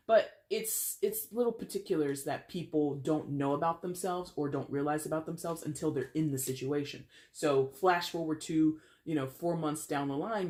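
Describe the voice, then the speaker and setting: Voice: medium pitch, darkish tone. Tarot reader, casual to-camera style, chatty, rambling, playful asides.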